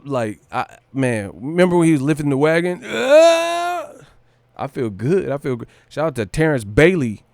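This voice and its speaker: There's no room sound as a man with a medium-pitched voice hosts a boxing livestream in a casual rant. Brash, profane, and boastful with hype energy, he drops brief celebrity impressions and laughs.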